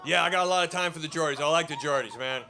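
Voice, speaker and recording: A man's voice: fairly high pitch, racing, sharp tone. An American man from Idaho doing a profane, mocking stand-up comedy set before a live audience in a comedy club basement. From Idaho, USA.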